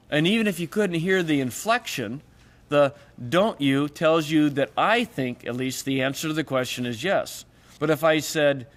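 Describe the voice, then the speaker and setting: A man's voice: normal speed, fairly bright tone. A man teaching Greek grammar in a lecture, explaining patiently and voicing the example questions he quotes. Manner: explanatory, acts out quoted questions with raised pitch. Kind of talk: recorded classroom lecture.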